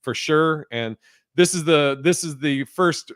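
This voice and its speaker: A man's voice: on the high side, measured pace, a bit bright, dry recording, clean studio sound. A man hosting a podcast in loose, profane casual chat, laughing as he tells stories. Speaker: podcast host.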